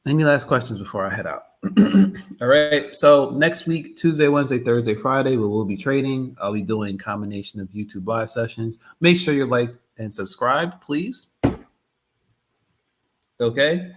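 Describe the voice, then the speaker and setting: A man's voice: medium pitch, lively intonation, moderate pace. A man hosting a live trading stream, chatting loosely and often repeating himself. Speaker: trading livestream host. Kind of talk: casual live-stream chat.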